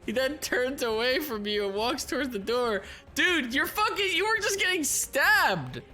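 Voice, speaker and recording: A woman's voice: sits high, big pitch swings, measured pace, bright, forceful tone, faint music behind. A woman streamer reading a text adventure aloud and reacting with frequent laughter, swearing and disbelief. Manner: giggly, swears a lot, incredulous reactions.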